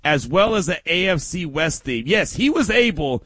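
A man hosting a sports talk radio show, telling stories with lots of laughter and animated energy. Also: a little high, normal speed, husky, no echo.

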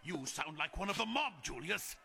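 An actor playing a vain, paranoid Roman emperor who thinks himself a god, pompous and petulant. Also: male voice, a little high, lively intonation, moderate pace, gravelly, pushed and bright, exaggerated voice. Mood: imperious. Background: music.

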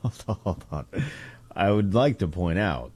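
Deep-voiced, dry-humored male co-host. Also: expressive, measured pace, darkish tone, breathy edge. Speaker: sports show co-host. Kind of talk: casual sports talk show.

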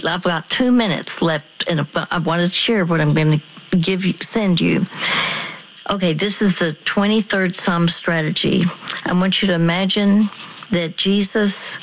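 A woman counseling a caller on a call-in radio show, guiding him slowly through deep breaths and measured phrases. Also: vocal fry, a little hiss or hum, low-quality recording.

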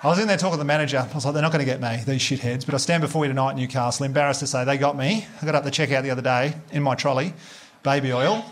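An Australian man performing a stand-up comedy set, telling stories in a laid-back, sweary, deadpan way. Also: mid-range voice, very fast, slight background noise. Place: live comedy venue with audience laughter.

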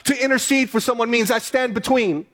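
A high-pitched man delivers a sermon from the pulpit. He speaks earnestly, stressing his main points by repeating them. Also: a little fast, fairly bright tone. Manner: earnest, repeats key phrases for emphasis. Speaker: pastor.

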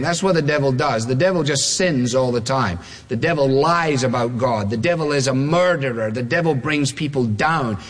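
A man preaching with emphatic, repeated phrases, his voice sitting a little high for a man. He slows down deliberately when he quotes scripture. The sound carries a long reverb, as in a large church hall. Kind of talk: expository sermon.

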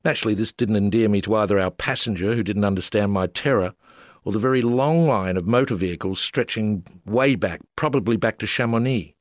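A wry Australian man reads his own humorous travel memoir aloud in a somewhat low voice. His delivery is dry and self-mocking, and the recording is close and dead, with no room sound. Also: brisk, no room sound. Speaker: memoir narrator.

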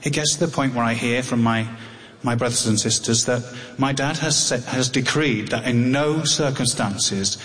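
A man's voice: mid-range voice, fairly bright tone. Wry English man in a reverberant hall. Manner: halting, wry, with many restarts. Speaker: storyteller on tour. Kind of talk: live spoken storytelling. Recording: long hall reverb, faint noise.

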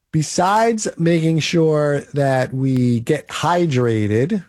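A man's voice: a little high, a little mellow, no room sound, clean studio sound. A man in his late forties delivering a blunt, motivational monologue full of rhetorical "right?"s. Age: 40s. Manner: emphatic, blunt and pep-talking, with rhetorical "right?".

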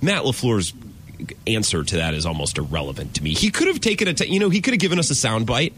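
A man co-hosting a sports talk show, speaking in a measured, analytical way with some stammered restarts. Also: mid-range voice, big pitch swings, fairly bright tone, a little hiss or hum.

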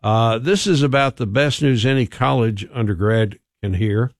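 A man's voice: medium pitch, moderate pace, no echo, clean studio sound. A man co-hosting a radio show, chatting casually and reading a food news item with joking asides. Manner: easygoing, chatty, reads news items with asides. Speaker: radio co-host.

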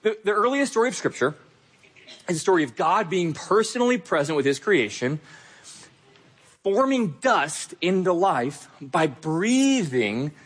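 A pastor delivering an emphatic, earnest sermon, repeating key phrases. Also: male voice, sits high, big pitch swings, a little slow, slightly rough.

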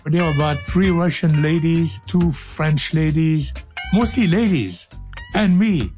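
A man's voice: fairly high pitch, lively intonation, a little slow, a little mellow, soft background music. An older man hosting a radio show, clowning through studio outtakes in a playful, joking way. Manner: playful, clowning, breaks into silly singing and laughs.

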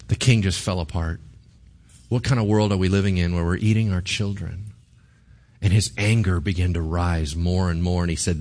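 A man preaching a sermon, telling a Bible story with lively asides and questions to the congregation. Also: fairly low pitch, a little fast. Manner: animated storytelling with asides to the audience. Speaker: pastor.

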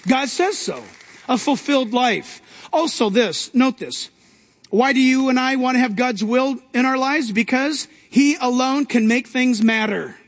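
A pastor delivers a sermon in a very high voice, pushing hard on key lines and rising in bursts. His words ring out with the long reverb of a large sanctuary. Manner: emphatic preaching with rising outbursts.

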